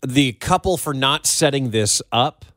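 A man's voice: medium pitch, animated, measured pace, fairly bright tone, dry recording. A man hosting a talk radio show, chatting with a co-host and taking callers in a studio. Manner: conversational, takes callers, repeats the phone number. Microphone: studio microphone.

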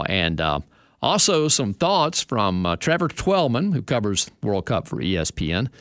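A man's voice: mid-range voice, a bit bright, no room sound, clean studio sound. A man hosting a sports radio show, reading news items and chatting with asides.

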